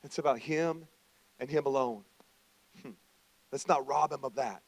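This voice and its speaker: A pastor preaching a conversational sermon, dropping into quiet reflection and rising into loud, emphatic preaching. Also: male voice, medium pitch, measured pace, vocal fry, no room sound, rough recording.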